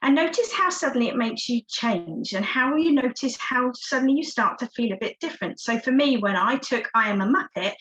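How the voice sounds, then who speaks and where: A woman's voice: high voice, expressive, a little fast, hardly any pauses, a bit bright, muffled recording, slight background noise. A woman, a success coach giving an encouraging, interactive online workshop talk over a video call. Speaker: success coach, guest speaker.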